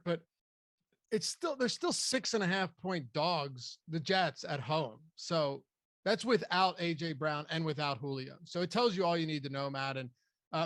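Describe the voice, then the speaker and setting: A man's voice: a little high, fairly bright tone, no room sound. A man hosting a fantasy football show, chatting loosely and restarting sentences as he goes. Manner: conversational, loose with frequent restarts. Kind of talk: casual sports analysis chat.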